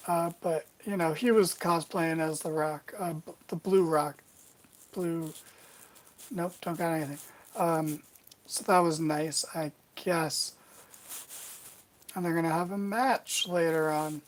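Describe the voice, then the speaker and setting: A woman's voice: sits low, steady tone, slow, pauses often, poor audio. A woman hosting a casual wrestling recap, rambling along with wry, sarcastic asides.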